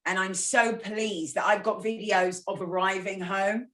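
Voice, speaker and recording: A woman's voice: mid-range voice, fairly even intonation, a little slow, fairly bright tone. A woman guest speaking candidly and reflectively in a casual podcast conversation. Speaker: guest presenter. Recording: echoey room.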